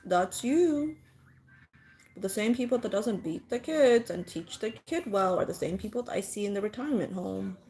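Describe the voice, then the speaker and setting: A woman's voice: medium pitch, a little mellow. A woman speaking as a mother, giving blunt parenting advice in casual chat with viewers and swearing freely.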